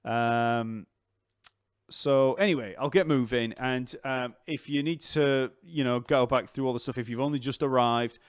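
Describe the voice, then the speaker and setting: A man teaching bass on a live stream, chatting loosely with many fillers and restarts, his voice going croaky. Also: unhurried, no room sound, clean studio sound.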